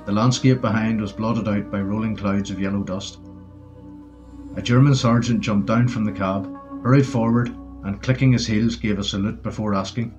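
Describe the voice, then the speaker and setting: A man narrating a war story audiobook in a steady storytelling manner. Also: fairly low pitch, normal speed. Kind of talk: scripted narration. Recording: dull lo-fi audio with faint music.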